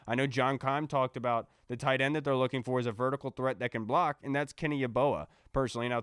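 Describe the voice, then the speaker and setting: A man's voice: mid-range voice, fairly bright tone, clear, resonant tone, no echo, clean studio sound. A man co-hosting a casual sports podcast, talking confidently and reading out listener questions. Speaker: podcast co-host.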